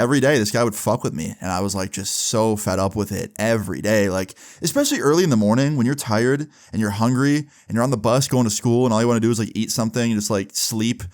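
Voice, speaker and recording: A young man talking casually to the camera, telling a storytime in a loose, profane style full of "like" and "bro". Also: fairly low pitch. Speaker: vlogger.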